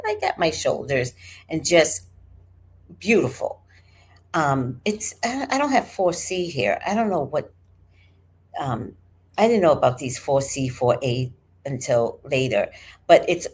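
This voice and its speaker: A woman in her forties hosting a livestream, telling stories in a casual, animated way that swings from hushed to loud. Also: deep voice, breathy edge. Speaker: livestream host. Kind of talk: casual storytelling to a live chat.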